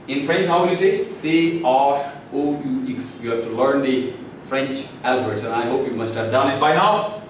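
A man's voice: mid-range voice, very echoey, distant mic, slight background noise, poor audio. A man with an Indian English accent teaching an online language lesson, repeating sounds and quizzing viewers.

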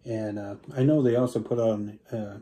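A man's voice: on the low side, fairly even intonation, moderate pace, mellow. A man casually talking through his favorite records in a rambling vlog, with lots of fillers and easy enthusiasm. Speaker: vinyl collector reviewing records.

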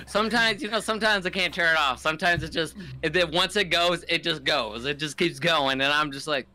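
A man's voice: a little high, a little fast, bright, forceful tone, slight background noise. A young man on a podcast, chatting casually and jokingly, slipping into silly voices now and then. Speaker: podcast host. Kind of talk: casual chat.

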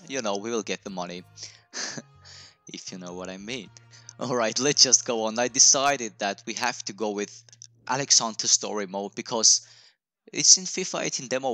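Brief: young male YouTuber, casual joking commentary, bright tone, mid pitch. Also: no room sound. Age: young adult. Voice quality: chatty, jokey, laughs often. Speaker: gaming YouTuber.

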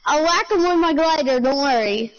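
High-pitched woman teasing a teammate. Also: moderate pace, background noise. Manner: teasing, playful repetition. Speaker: gaming teammate. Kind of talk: gaming chat. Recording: muffled lo-fi with music behind.

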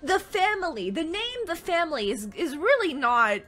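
A woman streaming a game, reacting loudly with quick jokes and frequent bursts of excitement. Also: extremely high pitch, over music. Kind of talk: live gameplay commentary.

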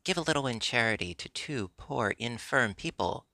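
A man's voice: mid-range voice, expressive, normal speed, creaky, bright, forceful tone, dry recording, clean studio sound. A man voicing an old, mangy, sly male fox who whines for charity, in a storybook reading. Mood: whining.

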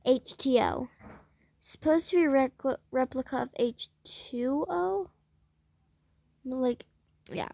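A young woman vlogs her gameplay, giving casual, rambling commentary as she talks to both the game and her viewers. Her high-pitched voice is gravelly yet mellow.

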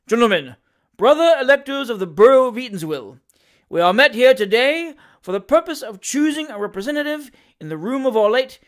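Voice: mid-range voice, expressive, fairly quick, pitched above the performer's own voice, natural voice. A reader putting on a pompous town mayor. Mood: orating. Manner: pompous, straining to be heard over a crowd. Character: pompous middle-aged male town mayor.

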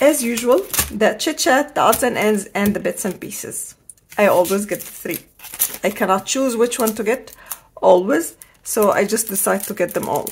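A woman's voice: medium pitch, slight background noise. A middle-aged woman hosting a crafting haul, gushing enthusiastically and repeating her praise as she shows items. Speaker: crafting channel host. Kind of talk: casual product haul show-and-tell.

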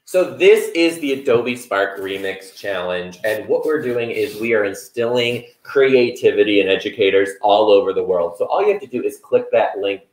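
A man hosting a livestream, a comic teacher with a playful, animated way of talking. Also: on the low side. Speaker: livestream host and teacher comedian. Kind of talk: hosted livestream. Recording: roomy echo.

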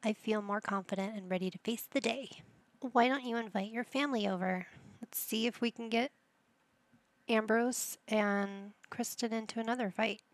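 A woman's voice: a little high, normal speed, no room sound. A woman hosting a casual let's-play, chatting to the game characters as she plays. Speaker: gaming channel host.

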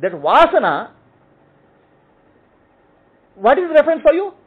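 A man's voice: extremely high pitch, huge pitch swings, unhurried. A man teaching and answering questions, explaining in short repeated phrases and checking in with "okay?". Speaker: spiritual teacher. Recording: tinny phone-like audio.

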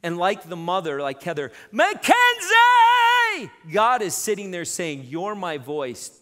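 Animated high-voiced preacher in reverb. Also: male voice, normal speed. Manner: animated storytelling, frequent repeated starts. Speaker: pastor. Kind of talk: sermon. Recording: long reverb in a church hall.

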